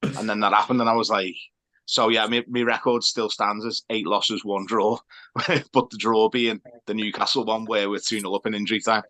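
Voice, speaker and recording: A man co-hosting a football podcast, his tone bright and forward. He tells relaxed anecdotes and laughs often. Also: lowish voice, normal speed. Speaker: podcast co-host. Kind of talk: casual football chat.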